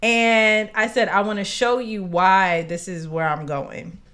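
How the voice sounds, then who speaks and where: A woman co-hosting a casual podcast, spinning a personal story. She talks at an ordinary medium pitch and brings the people in her story to life by acting out their lines. Her speech is loose and expressive, full of slang and asides. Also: a little slow. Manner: animated, acts out quotes, slangy asides. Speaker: podcast co-host.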